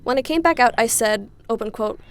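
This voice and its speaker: Gravelly-voiced young woman reading stories. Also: on the high side, brisk. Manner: expressive, reads punctuation aloud, reacts with sighs. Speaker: reddit story reader. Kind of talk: reading reddit stories aloud with commentary.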